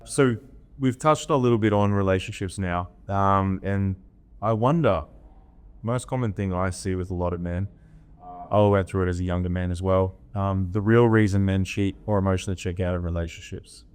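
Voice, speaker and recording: A man's voice: sits low, moderate pace, a little mellow, clean tone. A man hosting a podcast, asking his guest questions in a hesitant, thoughtful way with fillers. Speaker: podcast host. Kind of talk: interview questions.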